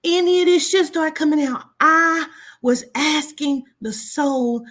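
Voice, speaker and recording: A woman's voice: sits high, measured pace, fairly bright tone. A woman who gives spiritual readings tells a personal story casually and bluntly, swearing often. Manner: blunt, swearing, acts out quoted voices. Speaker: spiritual reader.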